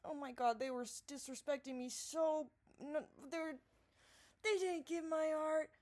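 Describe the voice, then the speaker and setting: A woman's voice: sits high, measured pace. Rambling, profane woman vlogger. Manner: profane, rambling, swings between mumbling and loud excited bursts. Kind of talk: rambling casual monologue. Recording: distorted audio.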